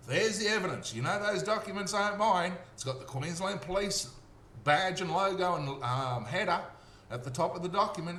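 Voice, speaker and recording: An Australian man telling a story in a casual monologue, animated and acting out the voices of the people he quotes. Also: a little high. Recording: echoey room with faint hum.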